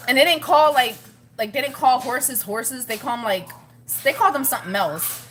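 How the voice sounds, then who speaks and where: Chatty woman vlogger, slightly high voice. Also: normal speed, a bit bright. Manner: rambling and chatty, laughs often. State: pregnant, with morning sickness. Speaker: family vlogger. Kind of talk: casual chat to camera.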